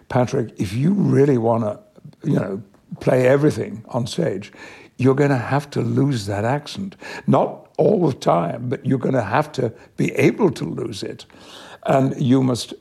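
An older man from Yorkshire, an actor, telling measured, thoughtful anecdotes in an interview. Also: medium pitch, gravelly, darkish tone, breathy edge. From Yorkshire, England. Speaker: actor, guest. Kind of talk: reflective interview storytelling.

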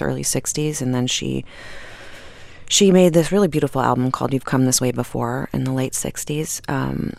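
A middle-aged actress chatting as a radio interview guest, rambling with fillers and restarts and laughing often. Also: female voice, rumbling low, creaky, darkish tone, no echo. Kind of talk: casual interview conversation.

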